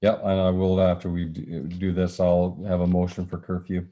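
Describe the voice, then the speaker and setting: A man with a Canadian accent chairing a council meeting as mayor, speaking haltingly with many filler pauses and a voice he is losing. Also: low voice, completely flat delivery, mellow. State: losing his voice.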